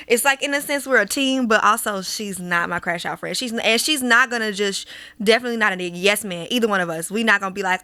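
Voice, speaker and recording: A woman in her twenties co-hosting a casual chat podcast, blunt and lively, acting out quoted lines. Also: mid-range voice, fast talker, clear, resonant tone, no room sound. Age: 20s. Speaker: podcast co-host.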